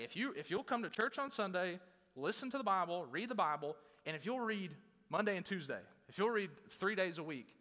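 A man's voice: fairly high pitch, pushed and bright. A young male pastor preaching a sermon in a casual, conversational way, with emphatic bursts and acted-out quotes of churchgoers. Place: church hall. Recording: long hall reverb.

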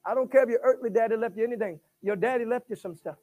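A man preaching a sermon. He swings between shouted bursts and hushed asides, stuttering on repeated words and calling for replies. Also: very high voice, very fast.

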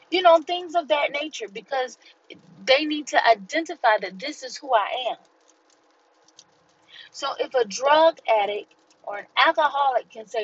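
A woman gives a slow, deliberate inspirational faith talk on her podcast, pausing between phrases like a preacher. Her voice sits a little high and comes across breathy and husky. The recording sounds dull and lo-fi. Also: expressive, a bit bright, no echo. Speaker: podcast host.

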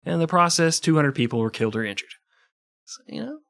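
A man's voice: fairly high pitch, very animated, fast talker, gravelly, fairly bright tone, no room sound, studio quality. Profane joking male history podcaster. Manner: profane, jokey asides. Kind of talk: irreverent comedic history narration.

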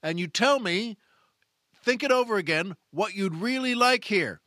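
A man puts on a huffy young waitress. Her voice rides a little higher and keeps to a bright, clipped edge. She sounds like someone whose patience is wearing thin, and the sound is close and dry. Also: expressive, a little slow, dry recording, exaggerated voice. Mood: stern. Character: irritated young waitress, a woman.

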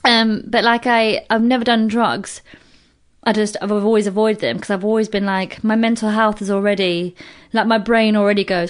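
A British woman in her thirties, a comedian guest in casual podcast chat, animated and swearing freely. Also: mid-range voice, fairly quick. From Britain. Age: 30s. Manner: animated, swears freely, acts out quoted voices.

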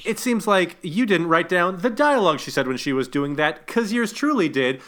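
A man co-hosting a casual movie-review podcast, animated and indignant, with many stumbling restarts. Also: high-pitched, normal speed. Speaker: podcast co-host.

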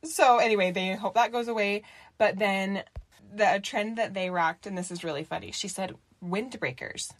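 A woman's voice: medium pitch, normal speed. A woman in her thirties co-hosting a podcast in casual chat, reading out listener comments and laughing easily. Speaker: podcast co-host.

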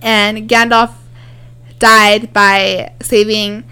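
A woman in casual chat, chiming in with quick, agreeable remarks. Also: mid-range voice, flat delivery, bright, forceful tone, smooth.

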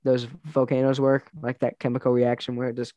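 A man's voice: mid-range voice, monotone, a little fast, warm tone, no room sound, muffled recording. A young man casually chatting and telling rambling, laughing stories, full of fillers and restarts. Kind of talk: casual chat.

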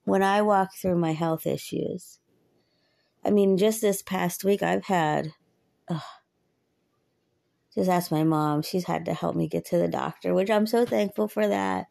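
A woman in her thirties shares her faith in an earnest, chatty way, often breaking into laughter. Her voice sits low and has a gravelly, fry-tinged edge. She speaks slowly, and the sound is dry and close. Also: dark tone, no room sound. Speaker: podcaster. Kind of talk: personal faith talk.

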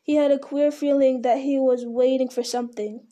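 A woman's voice: high voice, steady tone, moderate pace, warm tone. A woman reading a novel aloud in an unpolished way, stumbling over words and restarting them. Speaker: reader.

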